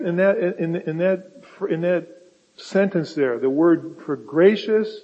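Male preacher, fairly high voice, relaxed storytelling sermon, recorded dull in a reverberant hall. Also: slightly rough. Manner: conversational, storytelling, voices God and Jonah in quotes.

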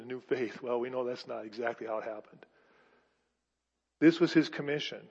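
A man preaching a sermon with emphatic bursts and rhetorical questions, his voice going hoarse. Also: mid-range voice, darkish tone. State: losing his voice. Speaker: pastor. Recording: dull sound with long hall reverb.

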